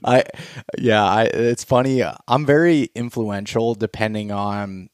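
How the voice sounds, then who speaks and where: A man's voice: fairly low pitch, fairly even intonation, measured pace, clear, resonant tone, no echo, clean studio sound. A man hosting a hunting podcast in a casual, rambling way, with fillers and restarts. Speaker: podcast host.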